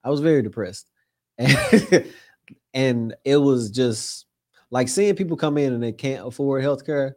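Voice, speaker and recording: A man's voice: mid-range voice, measured pace. Podcast co-host: a young man with a mid-range voice, casual and loose, cusses freely. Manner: laid-back, swears a lot, laughs mid-sentence.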